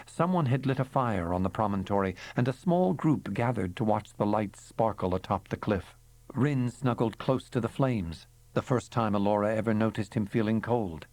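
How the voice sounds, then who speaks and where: A man reading a fantasy novel aloud in measured, dramatic narration. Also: lowish voice, darkish tone. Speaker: audiobook narrator. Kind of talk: scripted narration.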